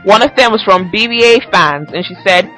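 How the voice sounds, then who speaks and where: Bright, teasing young woman podcast host. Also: medium pitch, normal speed, soft background music, low-quality recording. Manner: chatty and teasing, laughs often. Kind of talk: casual solo podcast chat.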